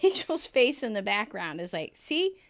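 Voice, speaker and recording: High, lively woman podcast co-host. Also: normal speed. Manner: animated storyteller, acts out quotes with big jumps in pitch and loudness, laughs often. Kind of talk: casual chat recapping a sitcom episode.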